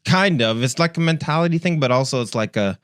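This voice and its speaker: A man who produces a podcast and co-hosts it, chatting in a laid-back, relaxed way as he explains a book he is reading. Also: medium pitch, fast, smooth, dry recording, studio quality. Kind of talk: casual podcast chat.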